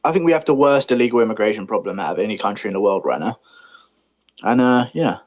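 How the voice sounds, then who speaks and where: A man's voice: fairly low pitch, animated, fast talker, a little mellow. A man from Britain, chatting casually on a livestream with rambling, profane opinions. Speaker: stream host.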